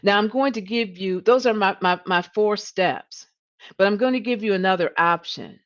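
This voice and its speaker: A woman's voice: medium pitch, moderate pace, muffled recording. A woman coach hosting a live-streamed coaching talk, earnest, often repeating words and saying "you know". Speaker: leadership coach and host.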